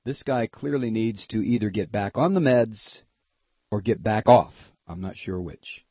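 A man's voice: fairly low pitch, expressive, measured pace, husky, dry recording. A man hosting a political commentary show, ranting with sarcastic exasperation. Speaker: radio commentary host. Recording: dull, dry lo-fi sound.

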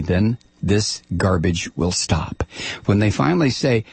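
A man's voice: fairly low pitch, animated, measured pace, vocal fry, darkish tone, slightly rough, no room sound. A middle-aged man hosting a political commentary rant, angry and sarcastic, stammering repeats when heated. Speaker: commentary show host.

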